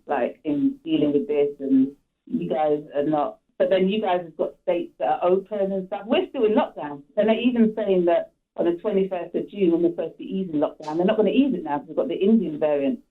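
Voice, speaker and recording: A woman's voice: low-pitched, fairly quick. A woman with a London accent calling in to a radio show, chatty and laughing, with many restarts. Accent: London English. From England. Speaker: caller. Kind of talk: call-in radio chat. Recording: phone line.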